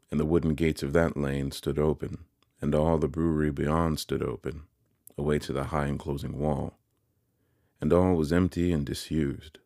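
Very deep-voiced male audiobook narrator. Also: vocal fry, mellow, no echo, studio quality. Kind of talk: scripted narration of a classic novel.

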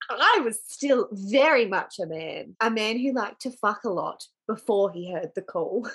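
Lively, giggly woman podcast co-host. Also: mid-range voice, a little slow, slightly rough. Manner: giggly and excitable, swearing freely. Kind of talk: casual chat about a book.

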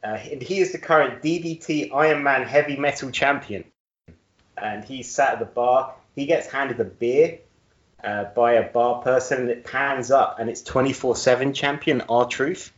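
Speaking at normal speed with a medium pitch and fairly even intonation, a man co-hosts a casual podcast. He jokes around and laughs at his own jokes, and the recording is roomy and dull.

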